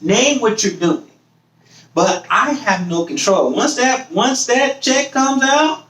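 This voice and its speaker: A man hosts a podcast in casual chat, swearing freely, mimicking other people's voices, laughing often and repeating phrases as he builds a point. His high voice is very animated, unhurried and fairly bright. The sound is roomy and low-quality, with a distant mic.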